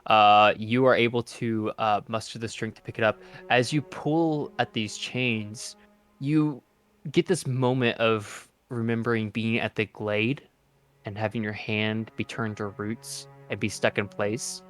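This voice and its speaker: A man as game master, narrating a tabletop adventure in a relaxed, halting way with frequent pauses. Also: on the low side, soft background music.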